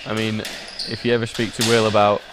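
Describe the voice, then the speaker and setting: A British man commentates on a squash match with dry, teasing humor. His voice is on the low side. Loud court noise and ball bounces sound behind him. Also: monotone, fairly quick. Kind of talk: live sports commentary. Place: squash venue.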